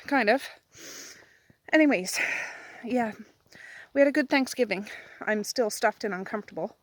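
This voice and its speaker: A woman's voice: fairly high pitch, moderate pace, no echo. A woman from Nova Scotia chatting casually into her phone while out walking her dog at night, homey and rambling, a little out of breath. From Nova Scotia, Canada. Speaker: vlogger. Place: outdoors at night on a street. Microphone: phone held at arm's length.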